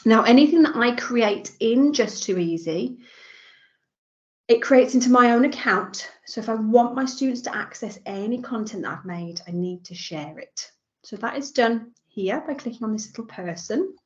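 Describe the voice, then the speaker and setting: A woman with an English accent walking teachers through educational software, chatty and relaxed, with frequent ums. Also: fairly high pitch, lo-fi sound. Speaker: teacher trainer. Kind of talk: software tutorial walkthrough.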